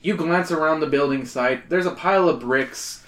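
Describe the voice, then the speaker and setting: A man's voice: on the high side, moderate pace, fairly bright tone, echoey room. A man hosting a podcast, reading a gamebook aloud with joking, crude asides. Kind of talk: comedic read-aloud with banter.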